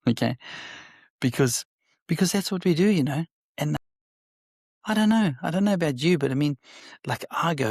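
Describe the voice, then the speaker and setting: A man, a business owner and guest on an interview podcast, telling stories in an animated way and acting out quoted dialogue. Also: mid-range voice, fairly quick, husky, no room sound, studio quality. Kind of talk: conversational interview.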